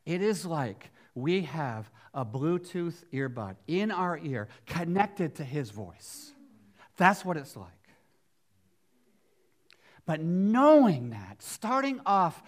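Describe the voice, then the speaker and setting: A middle-aged male pastor preaching a sermon, swinging from near-whispers to loud emphatic bursts, with chatty asides and rhetorical questions. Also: on the high side.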